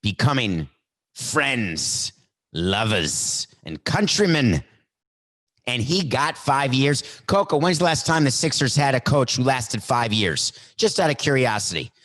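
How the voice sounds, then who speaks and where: A man hosting a solo sports podcast, talking in a worked-up, animated way and acting out little mock skits. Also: mid-range voice, normal speed, hardly any pauses. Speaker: podcast host. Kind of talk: solo sports talk monologue.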